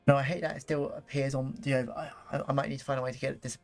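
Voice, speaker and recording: A young man casually commenting while playing a game on stream, rambling and excitable, with lots of fillers and restarts. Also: medium pitch, rapid-fire, soft background music.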